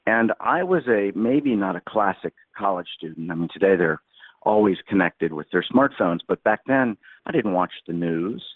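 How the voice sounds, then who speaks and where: A man in his sixties, appearing as a podcast guest, tells a long anecdote in a rambling, vivid way, acting out the quotes. His voice sits low with lively intonation at a normal speed. The line sounds tinny and phone-like, with no echo.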